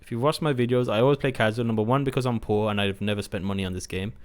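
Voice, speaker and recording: A man's voice: lowish voice, steady tone, rapid-fire, clear, resonant tone. A man hosting a gaming video, giving casual gameplay commentary, chatty and self-mocking as he thinks aloud.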